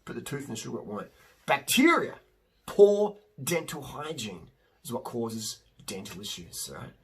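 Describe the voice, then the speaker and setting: A man's voice: mid-range voice, very animated, moderate pace, breathy edge. A middle-aged man, a cyclist, talking casually and emphatically to camera in a rambling, slangy way. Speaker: vlogger and cyclist.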